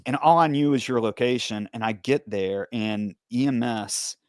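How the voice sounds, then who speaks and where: A man of middle pitch hosts a podcast with a steady way of talking, asking questions and recounting his side of the events. His voice sits close to the mic with a dry, dead sound. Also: moderate pace, no echo. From United States. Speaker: podcast host, former police officer. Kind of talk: interview conversation.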